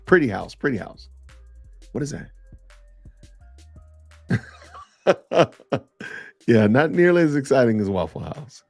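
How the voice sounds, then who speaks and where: Gravelly, husky man hosting a podcast. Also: mid-range voice, very animated, takes it slowly, pauses often, no echo, faint music behind. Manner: loose, chatty, reads out and reacts to viewer comments. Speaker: podcast host. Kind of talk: casual live-stream chat.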